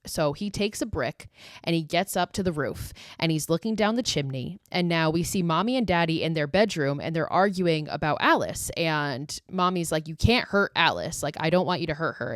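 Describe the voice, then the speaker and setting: A woman's voice: low-pitched, no echo. A woman podcast host recapping a horror film in a chatty, profane way, full of "like" and swearing. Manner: profane, chatty, heavy use of "like".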